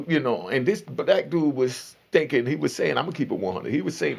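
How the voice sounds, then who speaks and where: Gravelly New man telling stories. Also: medium pitch, brisk. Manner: animated, slangy, acts out other people. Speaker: storyteller recounting prison life. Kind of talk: casual storytelling.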